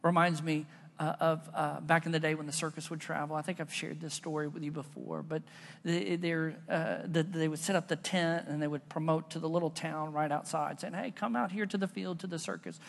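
A man's voice: fairly high pitch, little pitch movement, fairly quick, gravelly. Man preaching in an echoing hall. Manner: casual, conversational preaching with storytelling. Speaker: pastor. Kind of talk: sermon. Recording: long reverb of a large hall.

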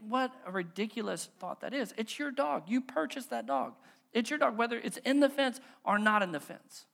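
A pastor preaching a sermon in a relaxed, conversational way, telling everyday stories with folksy humor and asking the congregation questions. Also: mid-range voice. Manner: folksy, self-deprecating humor; stumbles and repeats words when driving home a point.

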